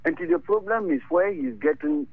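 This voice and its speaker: A man calling in to a radio show, giving animated advice and switching between his local language and English. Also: extremely high pitch, a little fast, vocal fry, dry recording. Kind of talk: radio call-in talk. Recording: lo-fi radio broadcast.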